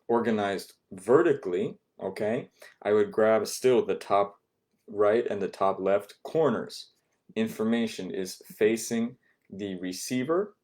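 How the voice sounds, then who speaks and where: A man's voice: fairly low pitch, a little mellow. A man teaching an online Japanese class, patiently repeating words and checking in with "okay?" after each point.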